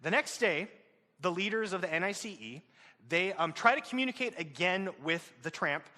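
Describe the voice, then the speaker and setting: A man's voice: high voice, lively intonation, normal speed, sharp tone, big-room sound. A male teacher retelling a novel's plot to his students, with fillers and questions to the class.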